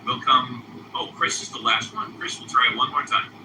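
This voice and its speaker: A man hosting a live audio chat room, moderating callers with animated, drawn-out calls and repeated phrases. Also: mid-range voice. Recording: echoey, distant, noisy room pickup.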